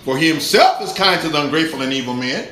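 Animated preacher man in an echoey hall. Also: fairly high pitch, fast talker, soft background music. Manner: animated, dramatic swings from loud shouts to quiet asides; acts out grumbling voices of churchgoers. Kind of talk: sermon. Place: church hall with congregation. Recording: echoey room with faint ambience.

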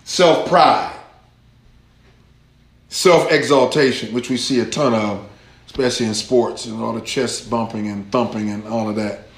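A man preaching a sermon as pastor, slow and deliberate, rising with emphasis as he reads scripture aloud to his congregation. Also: mid-range voice. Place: church hall. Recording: echoey church room.

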